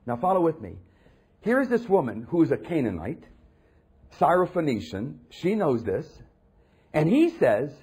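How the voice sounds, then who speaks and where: A man preaching a sermon, animated, acting out the voices of the people in the passages he reads. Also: fairly high pitch, normal speed, husky. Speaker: pastor.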